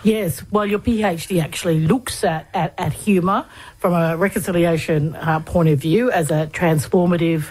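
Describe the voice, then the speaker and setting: Woman, interviewer, lowish voice, husky, halting questions with fillers. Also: steady tone, a little mellow. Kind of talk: conversational interviewing.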